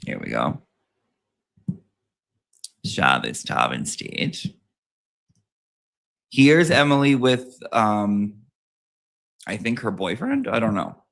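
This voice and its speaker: Campy profane man, very lively pitch. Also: slow pace, creaky, pauses often. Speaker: commentary host. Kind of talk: casual reaction commentary.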